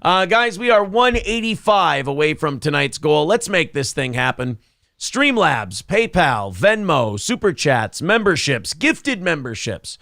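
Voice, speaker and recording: A man hosting a casual live-stream talk show, sarcastic and crude, reading out viewer donations and pitching for support. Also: sing-song, a little slow, gravelly, bright, forceful tone, no echo, clean studio sound. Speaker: show host.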